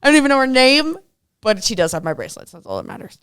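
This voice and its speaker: A woman's voice: high voice, quick pace, smooth, no echo, clean studio sound. A young woman co-hosting a casual live stream from a hotel room, telling stories and acting out the dialogue as she goes. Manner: animated storyteller acting out quoted dialogue. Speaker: co-host.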